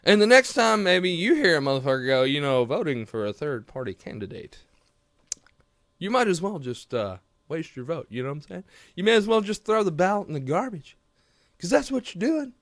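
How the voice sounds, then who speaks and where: A man's voice: sits high, very animated, a little fast, fairly bright tone, no room sound, studio quality. A man delivering a heated, profane, rambling political rant straight to camera. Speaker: political commentary vlogger. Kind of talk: profane ranting commentary to camera.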